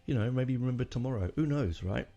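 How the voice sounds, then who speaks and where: A man's voice: mid-range voice, fast, mellow, highs cut off. A man hosting a casual music podcast, rambling and emotional, with lots of fillers and restarts. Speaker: podcast host.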